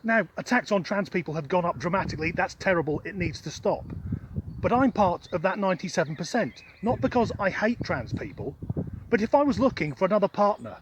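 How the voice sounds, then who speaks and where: Blunt sweary Englishman with a high voice. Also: noisy background. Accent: generic Southern English. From Norfolk, England. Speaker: vlogger. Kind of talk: opinionated monologue to camera. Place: outdoors, windy.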